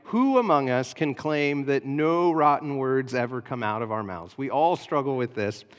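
A pastor preaching a sermon, explaining a passage in an earnest teaching manner with frequent hesitations. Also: male voice, mid-range voice, lively intonation, moderate pace, clean tone, long reverb tail.

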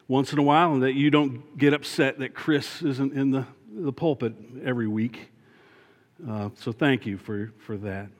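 A man serving as a church elder, giving an earnest sermon and repeating his key points for emphasis. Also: medium pitch. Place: church sanctuary. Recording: long church reverb.

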